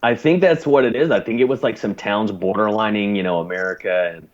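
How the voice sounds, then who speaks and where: A man's voice: lowish voice, a little fast, dull audio. A man, a podcast guest, telling stories in casual chat, profane and laughing often.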